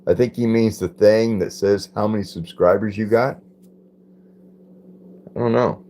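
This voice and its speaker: A man's voice: on the low side, steady tone, unhurried, mellow. A man hosting a casual live stream, reading viewer comments aloud, repeating phrases and puzzling over them.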